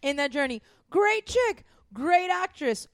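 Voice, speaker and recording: A young woman hosting a podcast, ranting casually and profanely about a movie in animated, rapid-fire bursts. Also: very high-pitched, dry recording. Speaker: podcast host.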